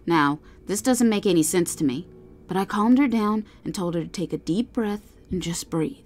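A woman narrating a first-person horror story, calm and soothing when she speaks as the dispatcher. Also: on the low side, moderate pace. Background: faint music.

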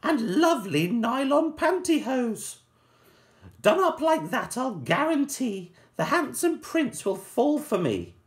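A man doing Cinderella in squeaky falsetto. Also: sing-song, slow pace, heavily acted. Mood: excited. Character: young woman Cinderella, sharp-tongued. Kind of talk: reading a rhyming story aloud.

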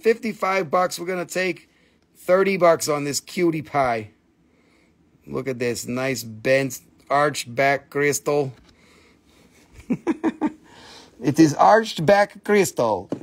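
A man selling crystals on a live stream, joking with crude asides and crooning over the stones. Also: on the high side. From Appalachian Valley, United States. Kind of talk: casual live sales chat.

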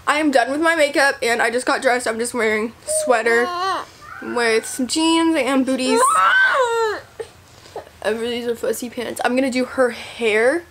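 Chatty teenage girl vlogging, high voice. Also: normal speed, noisy background. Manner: chatty, talks to a baby in a sing-song voice. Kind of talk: casual vlog talk. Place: home, indoors. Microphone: camera set down nearby.

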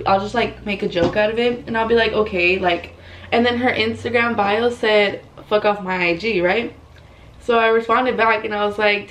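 A woman's voice: medium pitch, a bit bright, a little hiss or hum, low-quality recording. A young woman chatting bluntly during a makeup routine, swearing and saying "like" constantly, filmed by a camera in her bedroom. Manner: chatty and blunt, swears a lot, heavy use of "like". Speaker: beauty vlogger. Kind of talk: casual get-ready-with-me chat.

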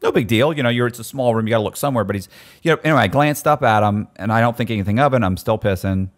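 A man telling stories in casual chat, animated and often restarting his sentences. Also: mid-range voice, racing. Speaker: guest storyteller.

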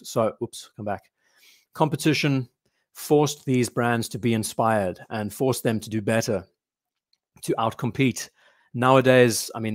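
A man's voice: mid-range voice, dry recording, clean studio sound. A man hosting a casual live stream, rambling and reading viewer comments aloud.

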